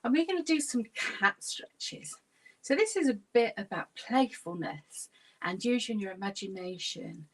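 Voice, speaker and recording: Slow, breathy woman leading a class. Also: fairly high pitch, animated. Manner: gently instructive, coaching listeners through stretches and breathing. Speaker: laughter yoga leader. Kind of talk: guided online exercise class.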